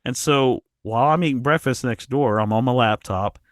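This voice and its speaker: A man guest on a podcast, telling a travel story in an animated way, often restarting his sentences. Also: medium pitch, moderate pace, no echo, studio quality. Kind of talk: casual storytelling.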